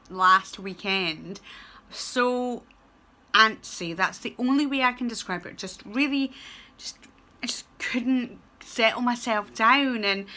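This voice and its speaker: Bright chatty Scottish woman vlogging. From Scotland. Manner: chatty and emotional, acts out little exchanges in a high voice. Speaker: vlogger and student teacher. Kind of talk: casual vlog chat.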